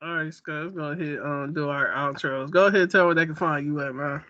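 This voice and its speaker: A man's voice: on the high side, fairly quick, pushed and bright, no echo. A man hosting a podcast, talking in a laid-back casual way with fillers. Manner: laid-back, wraps up with plugs and filler words. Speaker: podcast host. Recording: dull, dry lo-fi sound.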